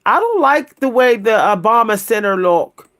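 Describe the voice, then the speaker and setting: A woman hosting a casual livestream, talking to her viewers, laughing often and exclaiming in a high squeal. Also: normal speed. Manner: animated, keeps exclaiming "what?" in a high squeal; laughs between remarks, talks to viewers as "y'all". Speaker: livestream host reacting to pictures.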